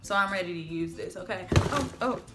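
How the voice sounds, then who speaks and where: A woman vlogging at home as she unboxes hair products, chatty and gushing with excitement. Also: on the low side, fairly quick. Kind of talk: casual unboxing vlog. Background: faint background music.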